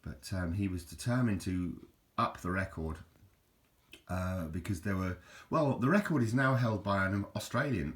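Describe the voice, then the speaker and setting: A man's voice: sits low, moderate pace. An Englishman, chatting casually over photos in a rambling, hesitant way with frequent restarts. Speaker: video host.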